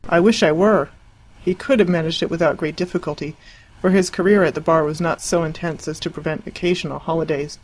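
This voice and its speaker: An audiobook narrator reading a classic novel in a measured, even storytelling voice. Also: mid-range voice, rough recording. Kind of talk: scripted narration.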